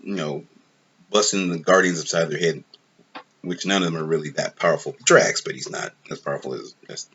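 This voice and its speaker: A man with a very low, husky voice hosting his own film review channel. He rambles casually through his complaints, with plenty of fillers and frustration. The recording is dull and lo-fi. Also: fairly bright tone. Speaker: movie review host.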